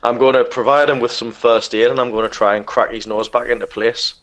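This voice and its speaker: Man, tabletop player, hesitant, repeats words, middle pitch. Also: fairly even intonation, a little fast, fairly bright tone, low-quality recording. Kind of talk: playing a tabletop game.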